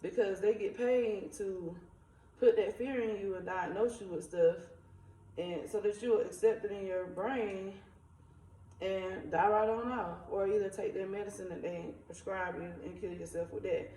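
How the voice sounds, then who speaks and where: A woman's voice: mid-range voice, normal speed. Woman telling her story in an echoey room. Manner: animated, conversational, uses dialect. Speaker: spiritual vlogger. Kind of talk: casual storytelling testimony. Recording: echoey room, faint ambient noise.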